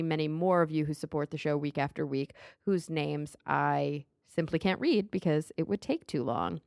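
A woman hosts a podcast in a chatty, upbeat manner. Her voice sits a little low. The sound is dry and close, with no room around it. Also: clear, resonant tone, no echo. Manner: upbeat, chatty, reads sponsor thanks and promos. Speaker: podcast host. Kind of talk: casual podcast chat.

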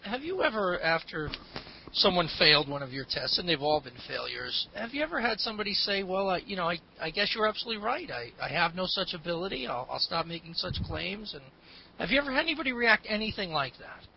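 Male co-host, high gravelly voice, soft halting questions, lo-fi with faint hiss. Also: big pitch swings. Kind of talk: asking a question. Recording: distant lo-fi audio with faint hiss.

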